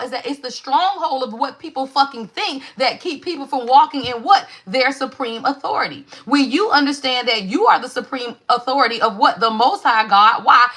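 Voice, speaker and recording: A woman's voice: sits high, pushed and bright. A woman giving a live tarot reading in an emphatic, preachy call-and-response manner, swearing freely. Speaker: tarot reader.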